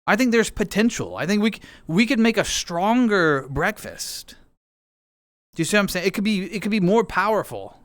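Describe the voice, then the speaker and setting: Male streamer, high voice, animated, playful rambling chat, dry close sound. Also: moderate pace, dry recording. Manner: rambling, playful, talks to chat while playing. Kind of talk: casual chat with chat.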